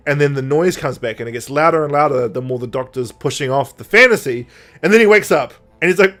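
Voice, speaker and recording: A man co-hosting a podcast, casually recapping an audio drama and acting out the characters' lines with big jumps in pitch and loudness. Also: expressive, quick pace. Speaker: podcast co-host.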